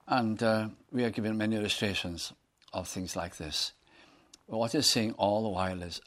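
A man's voice: fairly low pitch, normal speed, fairly bright tone. A man preaching a sermon, reading scripture aloud and putting earnest questions to his listeners.

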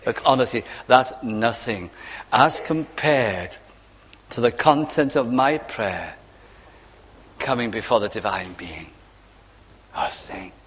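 Male preacher, slightly high voice, earnest sermon delivery that acts out quotes, church hall reverb. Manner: earnest, with dramatized quotes and drawn-out phrases.

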